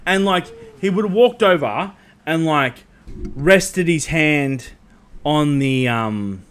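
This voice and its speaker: A man's voice: a little high, expressive, takes it slowly, fairly bright tone, clear, resonant tone. A man hosting a casual livestream chat, rambling with many ums and restarts and swearing freely. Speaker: host.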